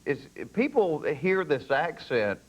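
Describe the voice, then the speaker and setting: A man's voice: fairly high pitch, wildly swooping pitch, slow pace, dull audio. A man from Atlanta with a Southern Georgia accent, a comedian chatting as a late-night guest in a folksy, joking way. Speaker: comedian, talk show guest. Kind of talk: late-night interview chat. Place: TV studio.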